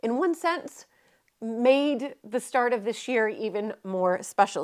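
An American woman talking to viewers on a casual live stream from a historic country house, chatty and warm with fillers and self-corrections. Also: on the high side, expressive, slow, clear, resonant tone. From United States. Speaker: live-streaming heritage vlogger. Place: historic manor house in rural southwest England.

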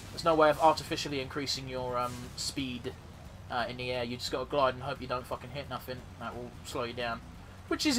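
A man's voice: medium pitch, sharp tone, slight background noise. A man casually commentating his own gameplay as a let's play host, rambling and swearing freely.

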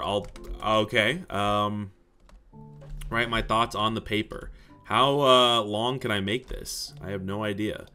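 Young male gaming commentator; excitable, jokey, bright voice, lively pitch. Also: takes it slowly, soft background music. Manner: excitable and jokey, swears when surprised. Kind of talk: casual let's-play commentary.

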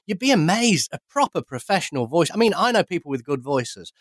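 A man's voice: a little high, very animated, a little fast, no room sound. A man co-hosting a podcast, giving blunt, opinionated views in casual chat. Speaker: podcast co-host.

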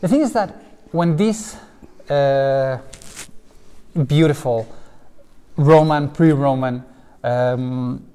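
Lively man guiding through an echoing cloister. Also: mid-range voice, takes it slowly, pauses often, clean tone. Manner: lively, explaining with asides. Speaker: tour guide. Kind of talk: casual guided tour. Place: stone cathedral cloister, indoors. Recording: long reverb of a stone cloister.

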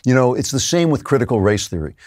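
A man's voice: mid-range voice, big pitch swings, fast talker, a little mellow, no room sound, studio quality. A man hosting a political commentary show, delivering a sarcastic, incredulous monologue with laughter at the clips. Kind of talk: opinionated monologue.

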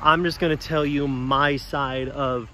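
A man casually talking about his pickup truck, animated and slangy, addressing his viewers directly. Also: mid-range voice, measured pace, a little hiss or hum. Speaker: truck vlogger. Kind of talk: casual vlog talk.

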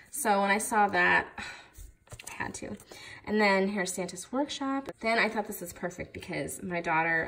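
A woman's voice: medium pitch, fairly bright tone. A young woman showing off craft supplies in a casual vlog, gushing over each item with lots of fillers. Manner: gushing, enthusiastic, many fillers. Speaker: craft vlogger. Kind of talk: casual haul video chat.

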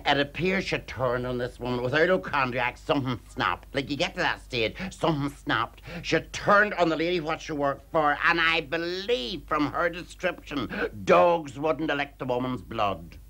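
A man's voice: fairly high pitch, expressive, moderate pace, few pauses, sharp tone. A comedian from Northern Ireland telling a gossipy comic monologue with a Belfast accent. He rambles chattily, sprinkling "like" through his sentences.

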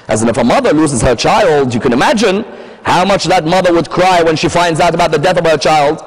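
A man's voice: fairly high pitch, a little fast. A man giving a religious lecture, telling the story with emphasis and posing rhetorical questions. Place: Islamic centre lecture hall. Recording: long hall reverb.

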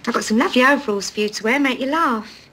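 A chirpy would-be-posh aunt. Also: female voice, fairly high pitch, quick pace, pushed and bright. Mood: coaxing. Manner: chirpy, coaxing, sing-song. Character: prim chatty middle-aged woman trying to sound posh. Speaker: employer. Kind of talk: 1980s film drama acting.

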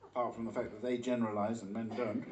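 A man's voice: mid-range voice, flat delivery, quick pace, very noisy. A man doing live stage comedy patter between songs, with a dry, wry delivery. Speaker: comic musician. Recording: roomy live stage sound from far off.

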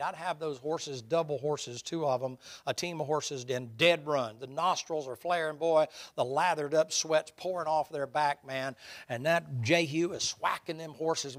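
Folksy preacher. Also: male voice, on the high side. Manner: folksy, humorous storytelling. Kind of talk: sermon.

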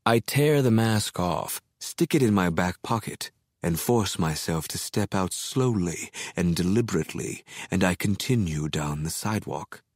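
A man narrating an audiobook in the first person, measured, deliberate and quietly menacing. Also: deep voice, animated, dry recording, studio quality.

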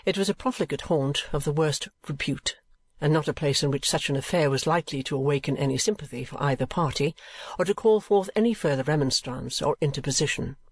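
A man narrating a classic novel as an audiobook in a steady, measured way. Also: fairly high pitch, no room sound.

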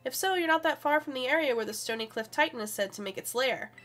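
A woman's voice: high voice, animated, fast, fairly bright tone, faint music behind. A woman reading a friendly young male classmate calling on the phone, in her own plain voice. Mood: chatty. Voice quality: plain reading voice, no accent put on.

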